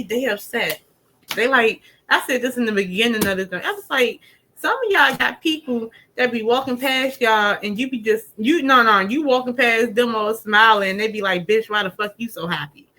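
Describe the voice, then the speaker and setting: A woman tarot reader giving a casual pick-a-card reading, talking straight to viewers in a chatty, slangy, animated way. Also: fairly high pitch, poor audio.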